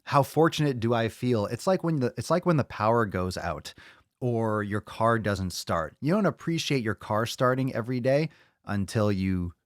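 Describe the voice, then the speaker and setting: A man's voice: medium pitch, lively intonation, normal speed, no echo, studio quality. Rowdy, profane fitness streamer man. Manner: loud, joking, profane, rambling. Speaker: fitness podcast host. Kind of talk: casual live-stream chat.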